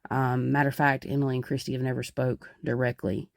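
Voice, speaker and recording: A woman's voice: extremely low pitch, level tone, brisk, gravelly, no room sound, studio quality. A young woman hosting a podcast as a psychic medium, explaining in a rambling, casual way with many fillers.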